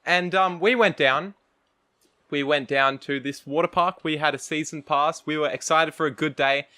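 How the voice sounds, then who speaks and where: A young Australian man, a podcast co-host, telling a rambling story among friends in a casual, animated way, with frequent laughs, fillers and restarts. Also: fairly high pitch, moderate pace.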